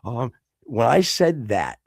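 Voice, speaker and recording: A man with a gravelly, fry-tinged voice tells a story on a studio podcast. He swears freely and plays both sides of a tense confrontation. The sound is close and dry. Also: mid-range voice, sing-song, slow pace, no room sound. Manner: profane, heated, acts out both sides of a confrontation. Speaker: podcast host. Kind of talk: casual storytelling chat.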